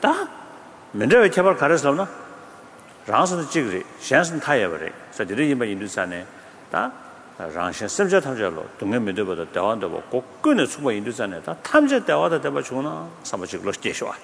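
A man giving a religious teaching in an expressive way, with sudden rises in pitch. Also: fast, creaky. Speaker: Buddhist teacher. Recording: echoey hall, faint background noise.

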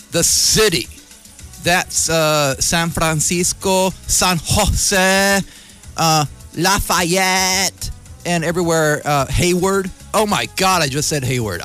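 Animated rambling radio host, faint music under. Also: male voice, fairly high pitch. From North Bay, California. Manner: rambling, joking, mocking voices of others. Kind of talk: casual on-air monologue.

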